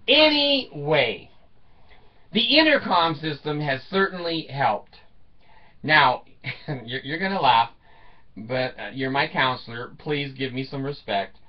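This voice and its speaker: A man's voice: on the high side, expressive, slow pace, long pauses. A man in his seventies telling rambling comic stories, chuckling often and swearing casually. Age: 70s. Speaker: storyteller. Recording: dull lo-fi sound, distant from the mic.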